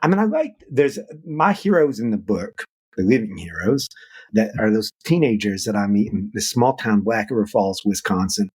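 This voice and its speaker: Male author guest, low husky voice, animated storyteller who leaps in pitch for emphasis. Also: moderate pace. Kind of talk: interview conversation.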